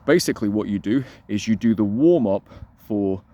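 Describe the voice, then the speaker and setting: A man coaching listeners on voice and delivery, energetic and emphatic, repeating his key points and slowing down to demonstrate. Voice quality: resonant voice. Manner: deliberately slows and lowers voice to demonstrate. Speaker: dating coach. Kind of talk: instructional talk to camera.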